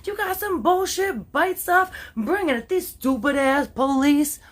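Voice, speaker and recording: A woman's voice: sits high, animated, measured pace, voice pushed up. A woman voicing a defiant teenage girl who talks in taunting, street-tough slang.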